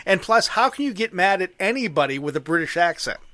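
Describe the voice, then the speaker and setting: Male host, interviewer, expressive pitch, a bit high, encouraging. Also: fast, dry recording. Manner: encouraging, laughs often, short acknowledgements. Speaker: podcast host. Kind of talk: casual interview chat.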